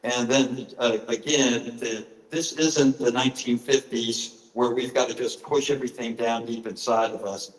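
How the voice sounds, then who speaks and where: A man's voice: medium pitch, steady tone, normal speed, few pauses. A middle-aged man telling personal stories in a conference talk, earnest, with frequent fillers. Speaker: author giving a presentation. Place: conference hall. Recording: echoey conference hall.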